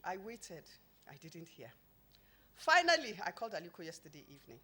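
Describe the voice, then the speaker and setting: A woman with a somewhat low voice addresses an event audience from a podium microphone. She tells humorous personal anecdotes within a formal launch speech, delivering them emphatically and with lively energy. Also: a little fast. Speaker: company founder giving a launch speech. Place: event venue before an audience.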